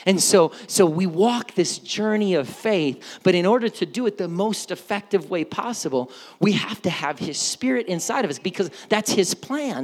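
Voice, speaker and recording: A pastor preaching a sermon with animated delivery, stumbling over repeated words as the point builds. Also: mid-range voice. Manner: animated preaching, acts out quoted voices. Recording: long reverb of a large church hall.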